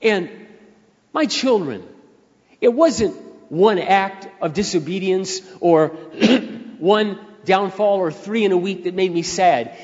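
An older man preaching a sermon as pastor, moving from quiet storytelling into loud, rising appeals. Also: high voice, animated, slow. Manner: emphatic preacher who swings between soft storytelling and loud rising appeals. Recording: dull sound with long hall reverb.

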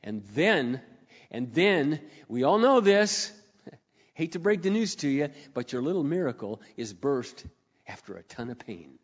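Animated male preacher in an echoey hall. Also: a little high, moderate pace. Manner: animated, swings from hushed to loud exclaims. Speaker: speaker. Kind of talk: sermon storytelling. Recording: echoey hall, dull lo-fi sound.

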